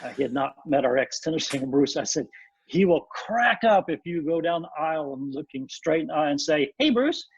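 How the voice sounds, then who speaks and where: A man guesting on a podcast, telling animated anecdotes and laughing often, with a dull lo-fi sound. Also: a little high, fairly quick, slightly rough. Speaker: guest, former band drummer. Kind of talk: casual storytelling in a podcast interview.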